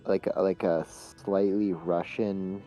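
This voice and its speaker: A man's voice: low-pitched, little pitch movement, takes it slowly, warm tone. A tired man chatting while gaming, hesitant, with lots of ums and uhs. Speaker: co-player. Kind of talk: casual gaming chat. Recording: faint game music behind.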